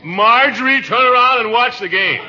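An actor playing a pompous middle-aged small-town official in 1940s radio comedy style, blustery and chuckling. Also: male voice, mid-range voice, sing-song, fairly quick, very noisy, lightly acted. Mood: blustering. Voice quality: blustery and self-important, chuckling. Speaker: small-town water commissioner. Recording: dull old radio recording with studio audience.

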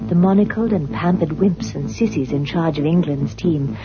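A woman's voice: sits low, normal speed. A woman narrating a mock documentary with an earnest, dramatic delivery. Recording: dull lo-fi broadcast recording.

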